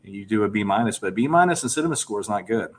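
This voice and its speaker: A man's voice: fairly low pitch, animated. A middle-aged man hosting a casual podcast chat, upbeat and rambling as he geeks out about movies. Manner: upbeat, geeky, quick rambling. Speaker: podcast host.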